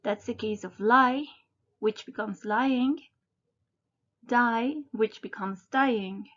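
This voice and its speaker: A woman slowly and deliberately narrating a scripted English grammar lesson, spelling out word endings letter by letter. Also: a little high, fairly bright tone, dull audio. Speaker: English teacher.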